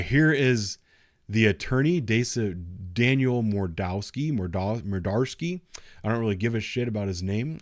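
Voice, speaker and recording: A man's voice: mid-range voice, no room sound, studio quality. A man in his thirties, a patrol officer, giving blunt, sarcastic and profane casual commentary. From United States.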